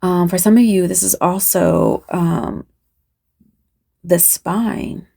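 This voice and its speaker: Husky and warm, this woman's voice runs on the low side with fairly even intonation and some creak. Talking directly to viewers, she relays a spiritual message off the cuff, wandering, restarting, filling gaps, checking in with "right?" and stopping to consult spirit.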